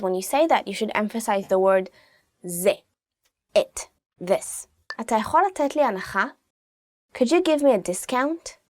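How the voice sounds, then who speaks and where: A woman teaching common phrases in a relaxed, chatty way, saying each phrase twice. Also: medium pitch, no room sound, studio quality. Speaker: language teacher. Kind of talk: casual language lesson.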